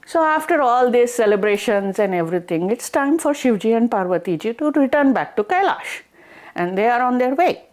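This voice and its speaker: A woman storyteller retelling a folk tale in a casual, chatty and animated way. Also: a little high, moderate pace. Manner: chatty, animated, many fillers like "she's like".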